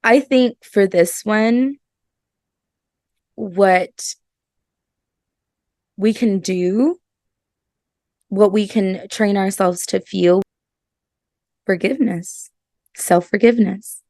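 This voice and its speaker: A woman's voice: medium pitch, drawn-out words, long pauses, a little mellow, no room sound, clean studio sound. A woman hosting a casual self-help podcast, earnest and emphatic, often repeating her words. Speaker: podcast host.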